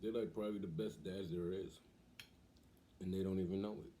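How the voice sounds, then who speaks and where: A young man hosting a vlog, telling a casual story in an animated way and acting out the voices of the people in it. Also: deep voice, fairly quick, slight background noise. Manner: animated, acts out quoted voices. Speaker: vlog host.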